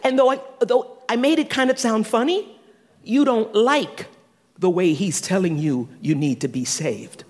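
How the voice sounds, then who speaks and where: Animated high-voiced male preacher in a hall. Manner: animated, swinging from loud to hushed, quick asides. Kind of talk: sermon. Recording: long reverb of a large hall.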